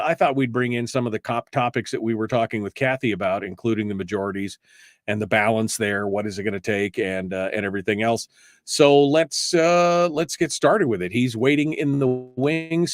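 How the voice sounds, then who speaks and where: Joking talk radio host, dry studio sound. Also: male voice, medium pitch, normal speed, no echo. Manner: chatty and joking, with many fillers and restarts. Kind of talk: casual political talk radio.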